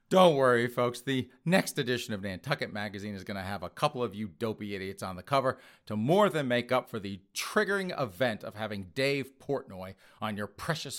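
A man's voice: mid-range voice, fairly bright tone. Sarcastic, mocking male commentary host. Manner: sarcastic, mocking, frequent scoffing laughs. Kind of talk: opinionated news commentary.

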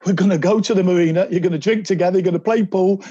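A man, a podcast guest telling animated anecdotes and slipping into quoted voices. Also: sits high, rapid-fire, breathy edge, dry recording, muffled recording. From England. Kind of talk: anecdotal interview storytelling.

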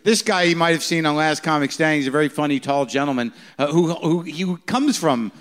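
A man hosting a live podcast taping, jumping in with quick questions. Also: fairly high pitch. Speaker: podcast host. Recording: live crowd in the room.

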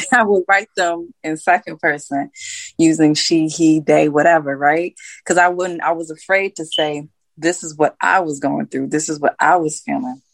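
A woman's voice: sits low, steady tone, unhurried, creaky, no echo. A woman singer as an interview guest, telling candid stories with frequent laughs. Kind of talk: casual interview.

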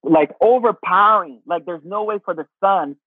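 A man's voice: sits high, normal speed, dry recording. A man giving casual spiritual advice, swearing freely and calling the listener honey. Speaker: spiritual teacher. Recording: tinny phone-like sound.

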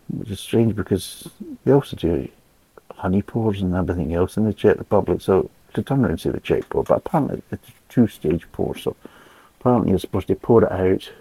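A man's voice: on the low side, warm tone, breathy edge, no room sound, poor audio. A man reviewing a beer in a casual, rambling way, blunt and full of swearing.

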